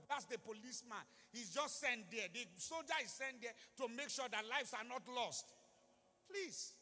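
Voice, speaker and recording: A Nigerian man preaching in a large church, his very high voice bright and tense. His pleading sermon leaps into loud, emphatic bursts, and the long reverb of the hall trails behind every phrase. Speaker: pastor.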